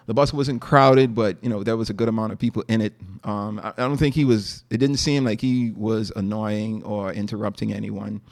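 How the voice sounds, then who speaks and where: A man's voice: fairly low pitch, fairly even intonation, moderate pace, gravelly, hardly any pauses, dry recording, clean studio sound. A man with a Bahamian accent, casually telling a story as a podcast host, with many fillers and restarts.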